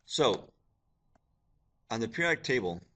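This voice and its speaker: A man's voice: mid-range voice, big pitch swings, measured pace, background noise. A male science teacher giving a recorded video lecture over slides, casual and joking with his students.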